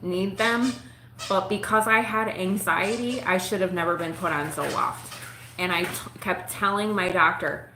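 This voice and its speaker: A woman's voice: medium pitch, pushed and bright, reverberant, a little hiss or hum, low-quality recording. A woman vlogger telling a personal story straight to her viewers, frank and profane, laughing often.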